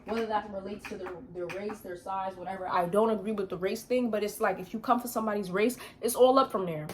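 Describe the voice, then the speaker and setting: A woman's voice: medium pitch, steady tone, quick pace, darkish tone, a little hiss or hum. A young woman vlogging, telling a story in a blunt, emphatic rant full of slang.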